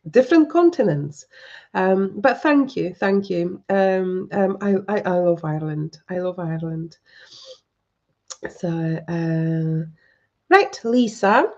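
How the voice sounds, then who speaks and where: A woman's voice: mid-range voice, expressive, slow, darkish tone, dull audio. A woman giving live psychic readings from home, speaking hesitantly with many ums and restarts. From lives in northern Scotland, learned English there. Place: at home with a dog.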